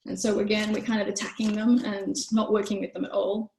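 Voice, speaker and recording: A woman talks fast with few pauses in a darkish voice and fairly even intonation while giving an online parenting workshop. She's chatty and acts out quotes in higher voices. There's echo from the room.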